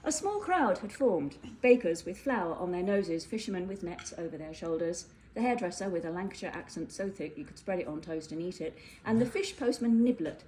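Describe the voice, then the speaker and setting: A woman reading a whimsical fairytale aloud, playful and animated. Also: lowish voice, brisk, few pauses, slight background noise, rough recording. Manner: playful, animated, with voiced characters. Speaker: storyteller. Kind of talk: storybook narration.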